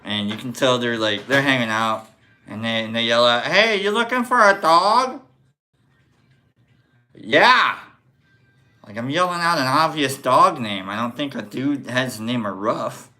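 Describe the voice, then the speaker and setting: A man's voice: mid-range voice, normal speed, faint music behind. A man hosting a casual podcast, telling a story with energy and acting out the voices of the people in it. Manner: animated, acts out quoted voices. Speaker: podcast host.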